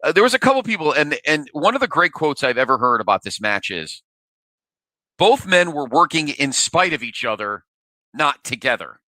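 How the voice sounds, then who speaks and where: A man's voice: fairly high pitch, very animated, moderate pace, sharp tone, no echo. A man co-hosting a podcast in casual chat, hesitant with many fillers and restarts. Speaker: podcast co-host.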